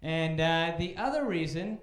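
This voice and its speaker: A man's voice: on the high side, animated, measured pace. A man opening his stand-up set with dry, awkward crowd work on a comedy club stage. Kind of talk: stand-up routine. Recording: roomy club echo.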